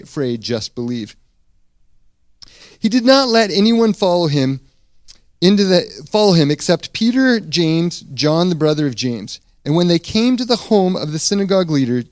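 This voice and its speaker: A man preaching a sermon as pastor, retelling a scripture story in a casual, animated way with frequent restarts. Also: sits high, no room sound, clean studio sound.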